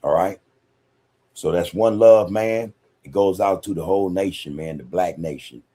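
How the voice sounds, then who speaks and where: A man's voice: low voice, moderate pace, warm tone, slightly rough. A man hosts a casual livestream podcast. He reads viewer comments in a laid-back way. He laughs often and peppers his talk with "man.". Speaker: podcast host reading live chat.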